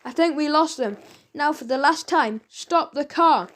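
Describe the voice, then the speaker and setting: Woman doing a cranky crook, snaps his lines, irritable storybook henchman, high voice. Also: normal speed, lightly acted. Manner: snappish, irritable. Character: grumpy snapping male henchman.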